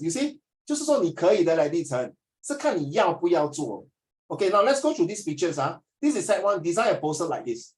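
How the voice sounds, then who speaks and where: Joking Singaporean male tutor, high voice. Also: sing-song, fairly quick, rough recording. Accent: Singaporean English. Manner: joking, teasing, then stern lecturing. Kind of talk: classroom lecture.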